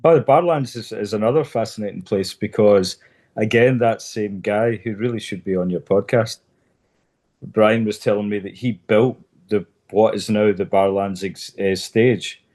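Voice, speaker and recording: A man co-hosting a podcast, telling relaxed anecdotes in casual chat. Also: lowish voice, normal speed. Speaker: podcast co-host.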